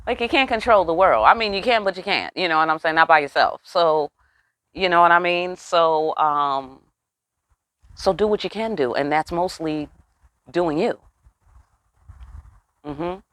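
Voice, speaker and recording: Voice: medium pitch, measured pace, pauses often, fairly bright tone, no room sound. Blunt, profane tarot reader, dry sound. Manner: profane, emphatic, streetwise; asks the listeners rhetorical questions. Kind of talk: casual spiritual reading.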